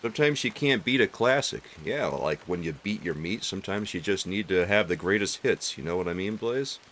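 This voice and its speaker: A man's voice: sits low, expressive, brisk, fairly bright tone, a little hiss or hum. A man casually commenting on a game he plays for viewers, joking crudely and chatting with his audience. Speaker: let's play streamer.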